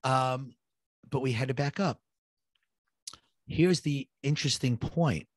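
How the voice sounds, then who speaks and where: He's a middle-aged man sharing his survival story as a guest, taking it slowly while he vividly acts out what everyone said and builds tension. The voice is medium-pitched, recorded dry with a clean studio sound.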